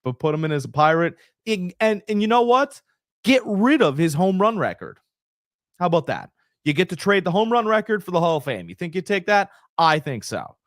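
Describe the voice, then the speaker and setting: A man's voice: sits high, very animated, fairly quick, no echo, clean studio sound. A man co-hosting a casual sports podcast, rambling and acting out quoted voices as he argues. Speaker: co-host.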